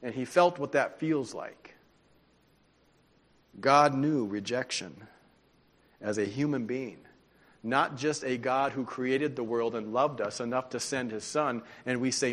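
A man preaching a sermon, telling stories in an animated, conversational way. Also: medium pitch, unhurried. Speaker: pastor. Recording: long hall reverb.

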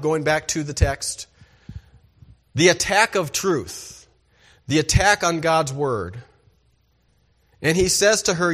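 A man preaching a sermon as pastor, emphatic and asking the congregation rhetorical questions. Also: fairly high pitch.

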